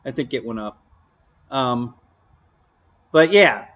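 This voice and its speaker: A man's voice: mid-range voice, lively intonation, slow, a bit bright. A man hosting a live stream, chatting casually and bluntly, laughing often and answering viewers' comments. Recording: dull lo-fi stream audio.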